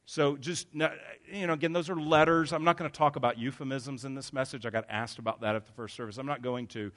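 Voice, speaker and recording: A man's voice: medium pitch, fairly even intonation, brisk, a bit bright. Earnest man preaching a sermon. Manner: earnest, emphatic preaching with self-corrections and restarts. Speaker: pastor.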